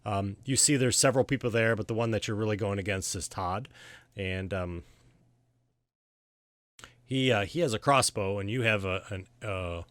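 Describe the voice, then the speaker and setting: A man narrating a tabletop game as game master in a casual, halting way with many fillers. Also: fairly low pitch, fairly bright tone, dry recording.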